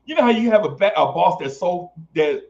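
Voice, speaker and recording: A man's voice: sits high, a little fast, vocal fry, lo-fi sound. A man casually telling a long story on a podcast, swearing and acting out the other voices. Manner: animated, swears, acts out voices.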